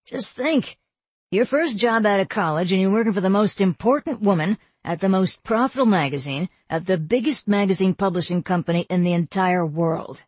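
A woman reading the lines of a middle-aged father who reassures his daughter, in a husky, dry voice. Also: mid-range voice, lively intonation, moderate pace, a little mellow, no echo. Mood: reassuring. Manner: reassuring, fond.

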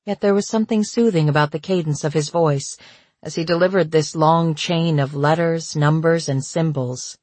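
Audiobook narrator, steady reading, bit husky, dry close mic. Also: medium pitch, normal speed, no room sound. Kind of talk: scripted narration.

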